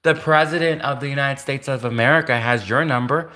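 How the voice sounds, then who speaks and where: Ranting casually on his livestream, a man repeats himself and speaks directly to his target throughout. His medium-pitched voice runs fairly quick, with a bright, forceful tone.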